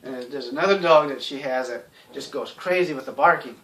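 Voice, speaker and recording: A man's voice: medium pitch, fairly quick, fairly bright tone, distant mic. A man talking in a casual, rambling monologue, blunt and sarcastic, with lots of "you know" fillers. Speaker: YouTube commentator.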